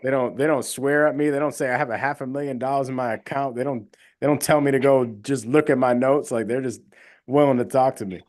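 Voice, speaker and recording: A man's voice: medium pitch, fairly even intonation, brisk, darkish tone. A young man hosting a casual livestream, talking emphatically and rambling with lots of fillers. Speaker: livestream host, real estate wholesaler.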